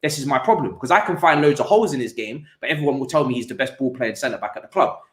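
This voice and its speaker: A man hosting a casual football podcast, talking in an animated way with frequent restarts and repeated words. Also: medium pitch, fast talker, roomy sound. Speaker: podcast host.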